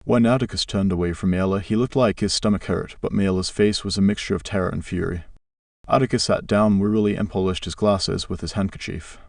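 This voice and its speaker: Man reading an audiobook, low voice, dry sound, bit far from the mic. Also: fairly even intonation, fairly quick, creaky, darkish tone, no echo. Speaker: audiobook narrator. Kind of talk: scripted narration.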